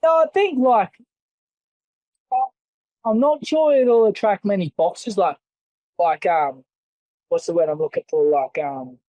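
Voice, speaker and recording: A man's voice: high voice, unhurried, long pauses, warm tone, no room sound, poor audio. Aussie bloke swearing his way thru a story, blunt and rambly, dead dry sound. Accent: Australian. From Australia. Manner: blunt, heavily profane, rambling. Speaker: interview guest, former fighter. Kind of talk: casual interview storytelling.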